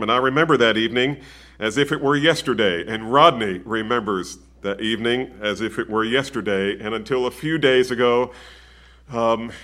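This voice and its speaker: A man preaching at a funeral, earnest and personal in his telling. His voice sits at a middling pitch with a bright, ringing edge. As he turns to doctrine, he speaks with growing emphasis. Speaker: pastor. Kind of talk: funeral sermon.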